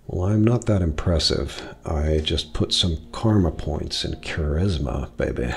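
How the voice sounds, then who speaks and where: A man's voice: extremely low pitch, measured pace, vocal fry, few pauses, husky. A man playing a game, reading its narration aloud and adding wry, casual asides. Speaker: game streamer.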